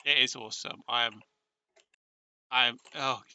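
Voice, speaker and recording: A man with a British accent chatting casually on a live stream, excitable and emotional, often restarting his sentences. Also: mid-range voice, takes it slowly, clean tone, no room sound.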